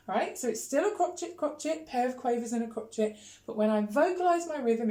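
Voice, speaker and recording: In an echoey, bare-sounding room, a woman teaches music on video, chanting rhythms in a steady way and counting in the beats. She speaks a little quickly, with a fairly high pitch for a woman.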